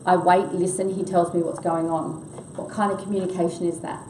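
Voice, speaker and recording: A woman's voice: on the low side, fairly quick, mellow, a little hiss or hum. An older woman leading a workshop for a group, asking them questions and keeping them involved. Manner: engaging, quizzes the audience. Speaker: workshop trainer. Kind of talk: interactive workshop talk. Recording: echoey room, voice from far off.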